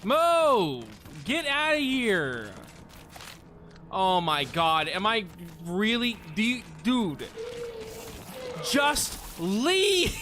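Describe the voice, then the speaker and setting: A man streaming a horror game, yelling and swearing in exasperation at an enemy that blocks his way, then laughing it off. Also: very high voice, very animated, slow pace, music in the background. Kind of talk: casual gameplay commentary.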